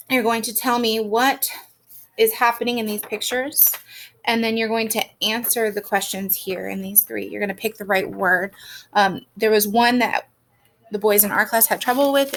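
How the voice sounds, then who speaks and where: A woman teacher records lesson instructions for a student's reading work, explaining patiently step by step with frequent "um"s. Her voice is on the high side, steady and a bit bright at normal speed, with a little hiss or hum in the recording.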